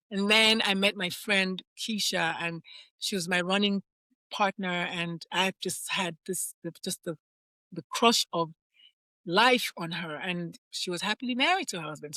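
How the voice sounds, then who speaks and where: A woman speaking as a pediatrician guest, telling her own story with animated, emphatic repetition. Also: lowish voice, no echo. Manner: animated, repeats phrases for emphasis. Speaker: pediatrician and life coach guest. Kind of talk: candid personal storytelling.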